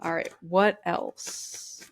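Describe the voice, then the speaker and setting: A woman with a somewhat low voice gives a casual card reading. She reads each card's text aloud, then turns to the viewer in a chatty way, with plenty of "you know" asides. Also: level tone, drawn-out words, slight background noise. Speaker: tarot and oracle card reader.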